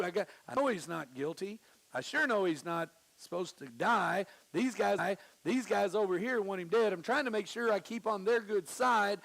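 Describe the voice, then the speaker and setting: A man preaching a sermon in church, casual and conversational, acting out the people he quotes with big swings in pitch. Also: vocal fry. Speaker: pastor. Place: church sanctuary.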